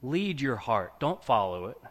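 A man giving a casual, conversational sermon to a congregation, often pausing to check in with his listeners. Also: mid-range voice, sing-song. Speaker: preacher.

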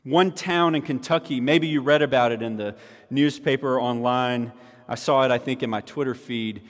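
A man preaching a sermon with emphatic repetition of key lines. His voice sits at a middle pitch and rings out with a long hall reverb, as in a church sanctuary. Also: normal speed. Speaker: pastor.

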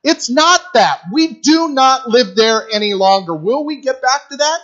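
A man's voice: extremely high pitch, lively intonation, a little slow, fairly bright tone, dull audio. A middle-aged man preaching a sermon in a conversational, storytelling way, repeating phrases for emphasis. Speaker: guest preacher for a youth ministry.

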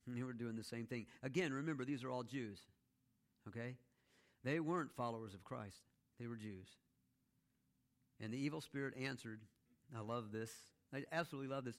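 A male pastor preaches in a conversational teaching style, telling a story with playful asides and frequently checking in with "okay?". His medium-pitched voice moves at a moderate pace with frequent pauses.

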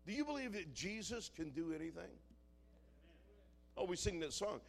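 A man preaching a sermon, moving from quiet storytelling to shouted, dramatic passages. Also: sits high, very animated, moderate pace, creaky, long pauses.

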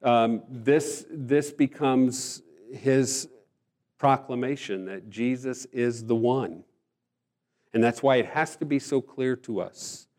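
A man's voice: mid-range voice, slow, a little mellow. A man preaching a sermon, earnest and emphatic, often restarting his phrases. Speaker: pastor.

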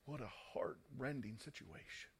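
A man's voice: medium pitch, animated, a little slow, gravelly, husky. A man preaching a sermon in a dramatic manner, reading scripture and rising to fervent emphasis.

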